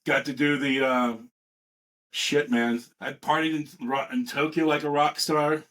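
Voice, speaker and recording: Man in his fifties, fairly high voice, a veteran guest who swears freely and tells stories in loose, animated bursts. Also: unhurried. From California. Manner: profane, rambling and animated, with restarts. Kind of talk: casual storytelling.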